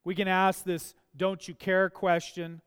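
A pastor delivering a sermon in a high, clear voice that takes its time. He is earnest and leans into emphatic questions. A long reverb from the hall trails each phrase. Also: little pitch movement, unhurried, a bit bright.

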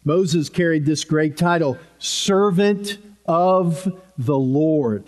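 Slow-talking man preaching a sermon. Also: fairly high pitch. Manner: slow, conversational preaching with self-deprecating humor. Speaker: pastor. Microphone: podium microphone.

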